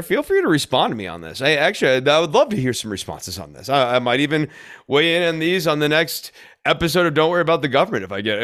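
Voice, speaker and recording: A man's voice: mid-range voice, a bit bright. Blunt, sarcastic male podcast host. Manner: blunt, sarcastic, thinking aloud with many fillers. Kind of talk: solo political commentary.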